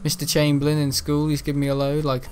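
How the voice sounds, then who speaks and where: Chatty guy with a higher voice. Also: completely flat delivery, quick pace, a little mellow, a little hiss or hum. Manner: rambling, laughs often, jokey banter. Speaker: gaming streamer. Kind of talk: casual livestream chat while gaming.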